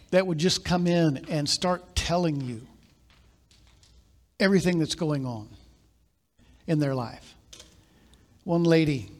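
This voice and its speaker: A man preaching a sermon as pastor, live in a church, telling stories in quiet asides and then building to loud, emphatic points. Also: on the high side.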